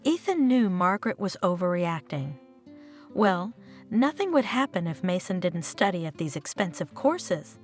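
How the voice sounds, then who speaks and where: A woman narrating a family drama story in a steady, scripted reading style. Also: moderate pace, faint music behind. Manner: lively, expressive reading with wide swings in pitch.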